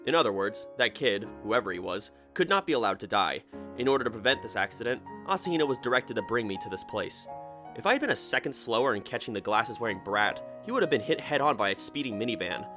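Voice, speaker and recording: A male narrator reads a light novel aloud in a mid-range voice, with a dry, sardonic, measured delivery. Faint music plays softly behind the dramatic reading. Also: mid-range voice. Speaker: audiobook narrator.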